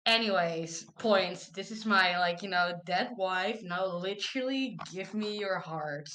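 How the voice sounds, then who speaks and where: A woman's voice: mid-range voice, a little slow, few pauses, bright, forceful tone, a little hiss or hum. A woman player wryly recapping a tabletop game session with sarcastic asides. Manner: sarcastic, wry.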